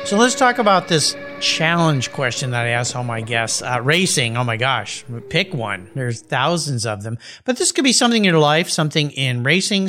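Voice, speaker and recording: Upbeat higher-voiced male podcast host. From Southern California. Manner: upbeat, animated, reads a sponsor spot. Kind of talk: conversational podcast interview.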